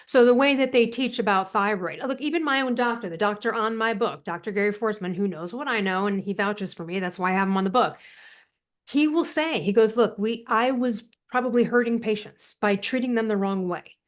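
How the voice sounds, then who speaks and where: A woman's voice: mid-range voice, brisk. A woman from the United States, a guest author on a podcast interview, telling stories emphatically and acting out quotes. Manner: emphatic, animated storyteller who acts out quotes. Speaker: guest author and thyroid coach.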